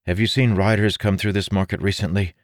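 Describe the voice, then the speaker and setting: A man's voice: fairly low pitch, fairly even intonation, brisk, no echo, clean studio sound, pitched above the performer's own voice, lightly acted. A man voicing an earnest young male adventurer who talks with insistent confidence. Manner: insistent, confident, a little conspiratorial.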